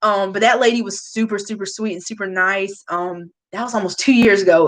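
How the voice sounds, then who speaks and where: A woman's voice: medium pitch, fairly even intonation, a little fast, few pauses, poor audio. A woman, chatting casually and confiding in viewers on a live stream. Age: late 20s. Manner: emotional, confiding, talks straight to chat. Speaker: YouTube beauty vlogger.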